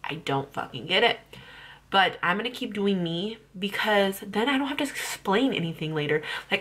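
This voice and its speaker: A woman's voice: medium pitch, lively intonation, moderate pace, fairly bright tone, slightly rough. A young woman ranting bluntly about parenting on her vlog, heated and full of swearing. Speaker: parenting vlogger.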